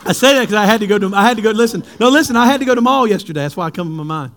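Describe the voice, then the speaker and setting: A pastor preaching to his congregation in a notably high voice. He tells animated, humorous stories and then moves into reading scripture. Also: very fast. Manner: animated storytelling, jokes with the congregation.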